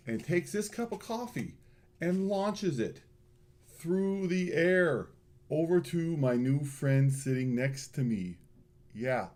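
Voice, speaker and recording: A man telling students a personal story in a morning school address, animated and full of fillers. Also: medium pitch.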